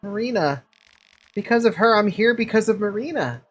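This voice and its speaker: A woman's voice: mid-range voice, expressive, normal speed, breathy edge, pitched above the performer's own voice. A woman voicing a determined young male soldier who speaks urgently and insistently.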